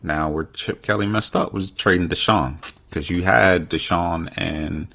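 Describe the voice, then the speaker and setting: Casual podcast co-host, man, extremely low voice, loose rambling delivery. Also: unhurried, vocal fry, pushed and bright. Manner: rambling, many fillers and restarts. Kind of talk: casual sports chat.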